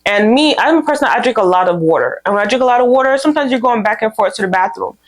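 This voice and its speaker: A young woman hosting a vlog, giving candid, casual advice and telling stories with lively quoted dialogue. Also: a little high, very fast. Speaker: vlog host. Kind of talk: casual advice talk to camera.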